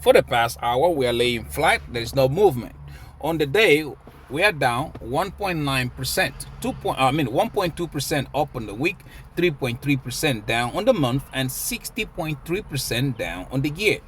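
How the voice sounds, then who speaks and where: A man's voice: medium pitch, normal speed, a little hiss or hum. A man giving casual, emphatic market commentary as a crypto vlogger. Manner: animated, emphatic, preachy.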